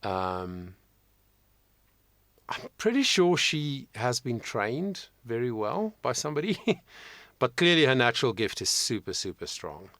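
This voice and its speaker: A man's voice: medium pitch, sing-song, a little slow, fairly bright tone, no room sound. A man working as a vocal coach, talking through a singer's performance in casual commentary, thoughtful, with frequent ums and restarts.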